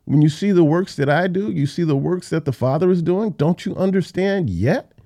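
A man's voice: on the high side, moderate pace, dark tone, no room sound, clean studio sound, voice pushed up, close to an everyday voice. A man voicing an exasperated male teacher pressing his followers, with a raised and insistent delivery. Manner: raised, insistent, repeating questions.

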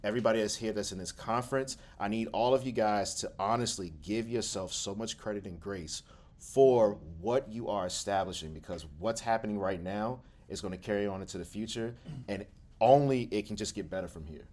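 Earnest low-voiced man. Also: brisk, darkish tone. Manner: earnest, emotional, emphatic. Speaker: support group co-founder. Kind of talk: heartfelt casual reflection. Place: hotel room with a group.

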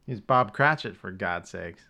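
A man's voice: fairly low pitch, expressive, unhurried, creaky, sharp tone. A man co-hosting a podcast, rambling through stories in casual chat. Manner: rambling storyteller. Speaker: podcast co-host.

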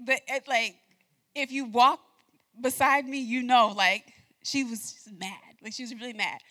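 A woman's voice: a little high, fairly even intonation, normal speed, bright, forceful tone. A woman preaching a sermon, talking straight to the congregation and laughing often as she tells a personal story.

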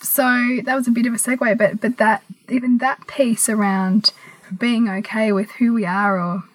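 A woman with a fairly high, breathy voice reflects aloud in a podcast conversation. She restarts her sentences often and fills them with "you know". The recording is dry. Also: fairly even intonation, normal speed, dry recording, poor audio. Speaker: podcast co-host. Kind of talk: casual conversation.

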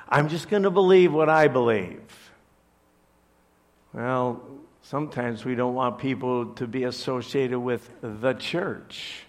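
A man's voice: mid-range voice, measured pace. A man from Chicago, a pastor, preaching a conversational sermon to his church with joking asides. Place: church service.

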